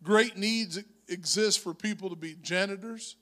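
A male pastor preaching a sermon in church, moving from conversational storytelling to shouted exhortation. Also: high voice, a little slow. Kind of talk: Pentecostal-style preaching. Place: church sanctuary.

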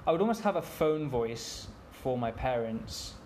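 A young man from the northwest of England chats on a podcast. He teases his co-host and jokes freely, his voice sitting at an ordinary pitch. A faint hiss of background noise runs underneath. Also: unhurried. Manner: jokey, teasing, animated. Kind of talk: casual podcast chat.

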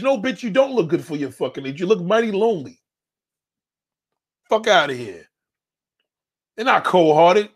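A man's voice: sits high, big pitch swings, normal speed, pauses often, slightly rough. A man hosting a show, reading viewer comments and answering them in a blunt, confrontational rant full of swearing. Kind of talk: profane ranting commentary.

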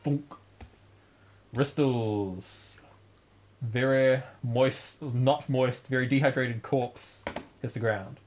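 A man running a tabletop game as game master, animated and laughing as he narrates. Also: medium pitch, slow. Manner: animated, laughing, thinking aloud.

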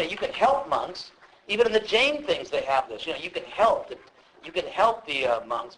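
Lecturer, male, higher-pitched voice, casual and animated teaching style. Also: slight background noise, poor audio. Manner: conversational, animated, acts out quotes. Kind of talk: classroom lecture.

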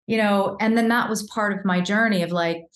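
Woman, 50s, vocal coach guest; candid, animated storyteller, mid pitch, echoey room. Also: moderate pace. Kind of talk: casual interview talk.

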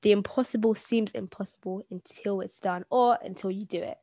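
A woman's voice: medium pitch, fairly even intonation, a little fast, dark tone, no echo. A young woman co-hosting a casual chat, rambling and giggly as she shares homemade quotes. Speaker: podcast co-host.

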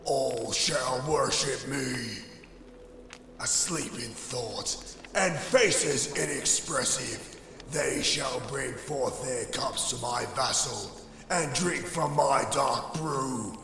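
A man voicing an ancient dark lord spirit who speaks in archaic, pompous decrees, with a heavy echo. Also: mid-range voice, drawn-out words, gravelly, heavily acted. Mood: commanding. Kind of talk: audio drama acting. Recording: cavernous reverb with music.

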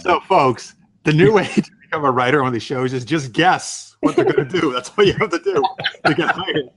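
A man's voice: a little high, lively intonation, a little fast. A man hosting a casual podcast, talking loosely and swearing freely. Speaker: podcast host.

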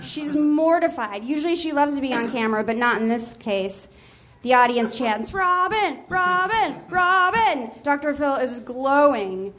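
High-voiced woman reading a comic story. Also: normal speed. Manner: often laughs at her own lines. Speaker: comedian reading her story aloud. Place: small theater stage.

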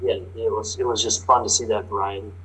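A man's voice: on the low side, little pitch movement, sharp tone, low-quality recording. Chatty middle-aged Minnesota man. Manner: talkative storyteller, drawn-out O's. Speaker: guest, farm machinery reporter. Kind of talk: casual interview chat.

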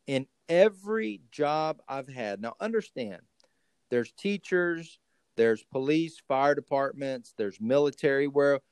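A man from Texas hosting a casual recovery podcast from home over a call, telling stories in an animated way with many restarts. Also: mid-range voice, slow pace, smooth, no echo. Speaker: podcast host.

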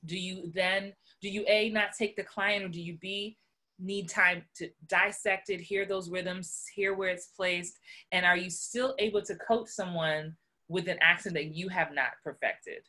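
A woman with a lowish voice hosts a casual interview. She asks questions eagerly and turns to speak straight to her audience, keeping the tone conversational. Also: fairly even intonation, a little slow, bright, forceful tone. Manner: eager, speaks directly to listeners. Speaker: podcast host, interviewer.

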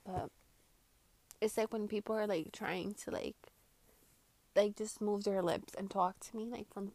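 A woman vlogging her reactions to posts in a casual, profane rant, swinging between loud outbursts and muttered asides, full of "like". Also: medium pitch, fairly even intonation, a little slow, no room sound. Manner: heavy swearing and filler "like".

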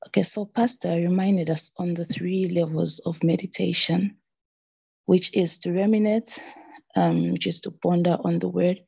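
A church woman speaks over a video call, recounting a pastor's message with earnest pauses. Her voice is mellow and husky with a gravelly texture. She sounds sincere and steady. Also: on the low side. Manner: earnest, retelling a sermon with hesitations. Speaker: church member sharing.

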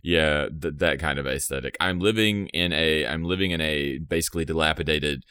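Very deep-voiced man chatting casually. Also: normal speed, bright, forceful tone, clear, resonant tone, no echo, studio quality. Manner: rambling, laughs often, trails off mid-thought. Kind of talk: casual chat.

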